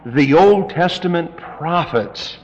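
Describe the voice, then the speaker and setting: A man's voice: on the high side, lively intonation, takes it slowly, muffled recording. A male pastor preaching a sermon in a folksy, emphatic and dramatic way, in a reverberant church hall.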